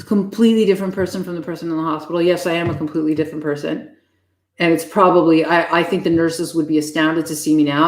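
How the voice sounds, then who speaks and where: Blunt, profane woman live-streaming. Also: low voice. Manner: profane, blunt and fast-shifting. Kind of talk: casual live-stream chat with viewers. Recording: echoey room.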